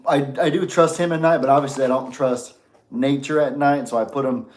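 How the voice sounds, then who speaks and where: A man chatting casually and haltingly with family, with many fillers. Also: mid-range voice. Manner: hesitant, relaxed, says "like" and "uh". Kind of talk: casual chat.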